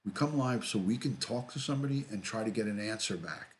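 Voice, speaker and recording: A middle-aged man hosts a casual livestream, reading comments aloud and greeting viewers by name. His voice sits a little low, and he talks in an easygoing way, often saying things twice. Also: quick pace, slight background noise. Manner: relaxed, repeats himself, greets viewers by name. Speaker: livestream host, retired detective.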